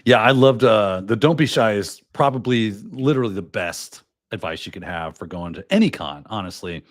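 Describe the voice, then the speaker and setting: A podcast host runs a casual live show, animatedly giving advice and acting out little scenes in quoted voices. His voice is fairly low and he speaks at normal speed, recorded in studio quality with no echo.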